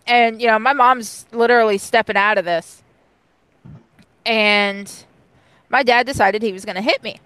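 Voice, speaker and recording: A young adult woman telling a personal story in casual, profane chat, blunt and animated. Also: a little high, moderate pace, pauses often, smooth, no echo, rough recording. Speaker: co-host.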